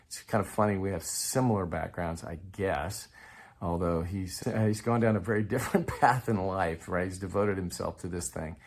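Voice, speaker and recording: A man's voice: sits low, moderate pace. A man from Texas, explaining language-learning methods in a casual, conversational way to his viewers. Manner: conversational, with restarts and chuckles. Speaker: Spanish learning coach. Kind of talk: casual explanatory talk to camera.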